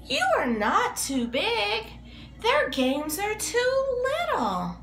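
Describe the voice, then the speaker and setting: A woman's voice: sits high, wildly swooping pitch, drawn-out words, sharp tone, soft background music, pitched above the performer's own voice, exaggerated voice. A woman voicing a large, kind, shaggy creature in a soothing storybook voice. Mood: reassuring. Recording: echoey room, faint background noise.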